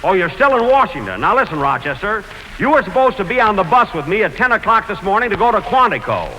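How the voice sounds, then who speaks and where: A man hosting a 1940s radio comedy show, vain and deadpan, often stammering when flustered. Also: high voice, quick pace. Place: live broadcast before an audience. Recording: noisy 1940s radio broadcast.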